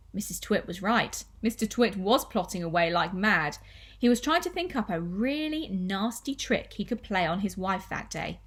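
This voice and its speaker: A woman primary school teacher reading a children's story aloud with expressive storytelling. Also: mid-range voice, moderate pace, breathy edge.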